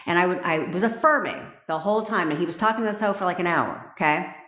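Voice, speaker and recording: A woman coach telling a story on a livestream, brash and profane, talking quickly. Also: medium pitch, lively intonation, a bit bright, roomy sound. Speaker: manifestation coach.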